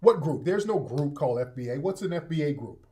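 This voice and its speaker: A man's voice: fairly high pitch, expressive, brisk, warm tone. Combative male call-in host. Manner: combative, repetitive, talks over callers. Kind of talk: live call-in audio room.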